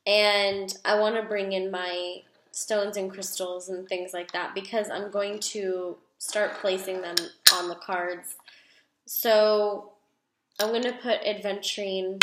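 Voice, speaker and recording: A woman's voice: mid-range voice, a bit bright, a little hiss or hum. A young woman reading tarot cards in a casual video from home. She talks in a chatty, emphatic, gushing way with some casual swearing. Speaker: tarot card reader. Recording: echoey room.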